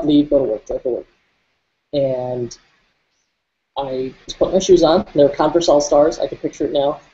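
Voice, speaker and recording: A man's voice: on the high side, a little mellow, highs cut off. A man guesting on a podcast interview, telling his story candidly and reflectively, with frequent fillers and restarts.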